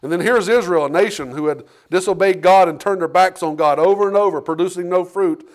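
Speaking a little fast in a high voice, this pastor delivers a sermon to the congregation in a church sanctuary. Rhetorical questions, acted-out dialogue from the story, and repeated words help him build his points.

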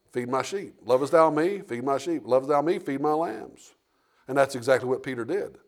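Man preaching with rhetorical questions. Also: on the high side. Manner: rhetorical questions, acted-out dialogue, repeats words. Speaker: pastor. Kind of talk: sermon. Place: church sanctuary.

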